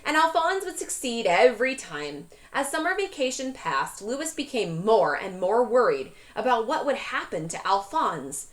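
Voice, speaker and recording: Woman teacher, expressive read-aloud, animated, higher voice. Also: moderate pace, hardly any pauses. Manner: questioning, expressive. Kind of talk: reading a storybook to a class.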